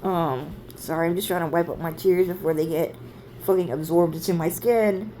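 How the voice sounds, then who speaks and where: A woman's voice: lowish voice, normal speed, warm tone, a little hiss or hum. Rambling, profane woman vlogger. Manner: rambling, profane, frequent fillers and side remarks. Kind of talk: casual storytime.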